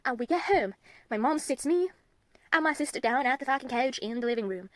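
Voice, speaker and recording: A woman's voice: sits high, fairly quick, no room sound. A young woman rambling casually in a phone-recorded vlog, swearing often. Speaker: vlogger.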